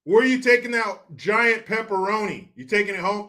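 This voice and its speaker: A man's voice: sits high, brisk, hardly any pauses, sharp tone. A man hosting his own show, ranting through sarcastic, profane political commentary full of mockery. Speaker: show host.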